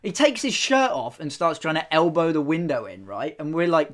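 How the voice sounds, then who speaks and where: Lively young man telling a story. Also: fairly high pitch, moderate pace. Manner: swearing, animated, acts out the people he quotes. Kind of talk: casual storytelling chat.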